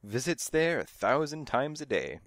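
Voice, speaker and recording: A man's voice: medium pitch, big pitch swings, a little slow, fairly bright tone, no echo, clean studio sound, pitched above the performer's own voice. A man voicing a nosy, fussy old woman who scolds and gossips from her windowsill in a storybook reading. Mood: gossipy. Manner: fussy, scolding, hard of hearing.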